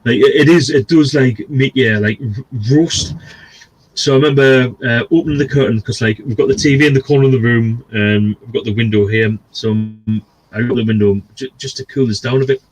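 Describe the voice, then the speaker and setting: A man's voice: mid-range voice, a little fast, low-quality recording. A man, co-hosting a gaming stream and telling a long, sweary, rambling story in a casual way. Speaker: stream co-host.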